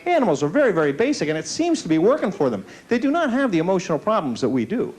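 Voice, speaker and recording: A man's voice: high-pitched, huge pitch swings, very fast, a little mellow. A man doing a stand-up comedy set, telling self-mocking stories and slipping into put-on voices. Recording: faint hiss from an old VHS tape. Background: audience laughter.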